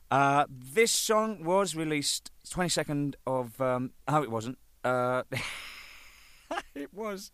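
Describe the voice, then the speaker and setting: A man's voice: mid-range voice, clean tone, no room sound. A man, a band's drummer, telling casual anecdotes with lots of swearing and laughter. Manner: animated, swearing, laughing, acting out exchanges. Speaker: band's drummer recalling its singles.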